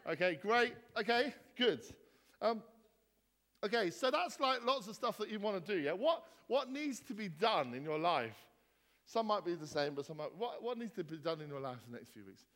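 A man's voice: high-pitched, bright, forceful tone. A male vicar, joking and teasing as he quizzes his congregation. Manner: jokey, teasing, bouncy questions to the crowd. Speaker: vicar leading a church gathering. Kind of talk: playful banter with the congregation. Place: church hall. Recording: echoey hall reverb.

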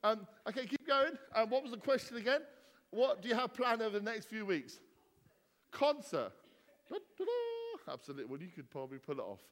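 A man's voice: high voice, animated, fast, a bit bright. Vicar guy teasing his congregation, voice jumps all over, echoey church hall. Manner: jokey, teasing, bouncy questions to the crowd. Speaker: vicar leading a church gathering. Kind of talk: playful banter with the congregation.

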